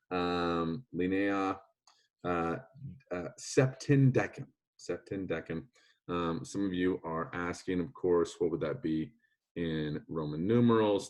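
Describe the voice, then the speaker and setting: A man's voice: on the low side, a little mellow. Playful man teaching a Latin class online. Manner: playful, jokey asides. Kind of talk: online lesson.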